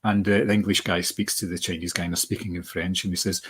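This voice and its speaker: A man's voice: sits low, steady tone, fast, slightly rough. A man, co-hosting a film podcast in a rambling, casual way. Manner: rambling, many restarts. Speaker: podcast co-host.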